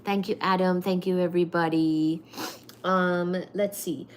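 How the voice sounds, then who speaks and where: A woman's voice: fairly low pitch, steady tone, a little slow, slight background noise. A woman hosting a casual livestream at home, reading viewer comments aloud and thanking them effusively, with lots of fillers. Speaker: livestream host.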